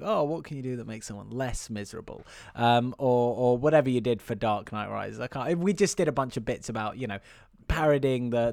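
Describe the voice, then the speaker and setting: A man hosting a podcast in casual chat, quick and teasing, laughing often. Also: medium pitch, darkish tone, no room sound, studio quality. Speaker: podcast host.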